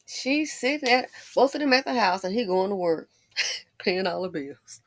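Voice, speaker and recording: A middle-aged woman hosting commentary, sassy and folksy, telling stories with lots of laughter. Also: normal speed. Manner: animated, acts out quotes in a high excited voice, laughs often. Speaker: commentary channel host. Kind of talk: casual commentary and storytelling.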